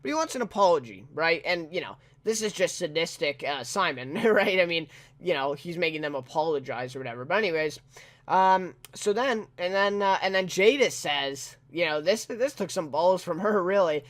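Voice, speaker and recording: A man with a fairly high voice talks through a TV episode review in a loose, off-the-cuff way. He leans on fillers and keeps tacking questions onto the ends of his sentences. He chuckles as he goes. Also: animated, normal speed, a bit bright. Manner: rambling, heavy on fillers and tag questions; chuckles often while talking. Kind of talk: casual spoken review.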